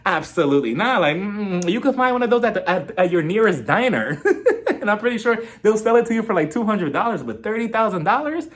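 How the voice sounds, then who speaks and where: Sassy guy recapping reality tv, high voice that swoops around, laughing a lot. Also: expressive, a little fast. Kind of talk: casual review vlog.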